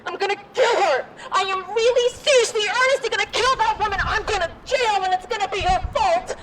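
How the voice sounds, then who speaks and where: A woman's voice: high voice, expressive, fairly quick, poor audio. A woman playing a fiery, ranting 1920s chorus girl. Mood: furious. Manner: dramatic, ranting, gossipy. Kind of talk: live street theatre. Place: outdoors on a street. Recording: outdoor street noise.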